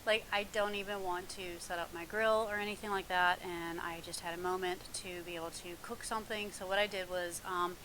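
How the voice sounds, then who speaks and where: A woman's voice: on the low side, fairly even intonation, fairly quick, hardly any pauses, a bit bright, slight background noise, poor audio. A woman chatting casually at home in a mukbang vlog, rambling with lots of ums and little laughs. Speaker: vlogger. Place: home, alone in the house. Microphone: mic in front of her.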